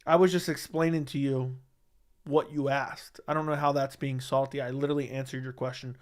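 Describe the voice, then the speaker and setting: This man talks a little fast at a medium pitch, with little movement in his pitch. He's hosting a casual MMA livestream at home on a studio dynamic mic, answering viewer comments defensively and arguing the same points over and over.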